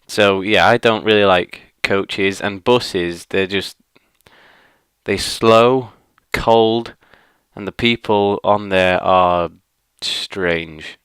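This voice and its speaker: Man, vlog rant, low smooth voice, dry close mic, rambling and fed up. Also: steady tone, drawn-out words, fairly bright tone, no echo. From northwest England. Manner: grumbling and exasperated, rambling with many fillers. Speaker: vlogger. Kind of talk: casual ranting monologue.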